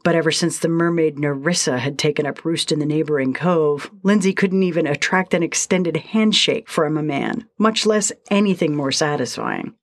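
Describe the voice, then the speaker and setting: A woman narrating a short story in a steady, measured reading style. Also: low voice.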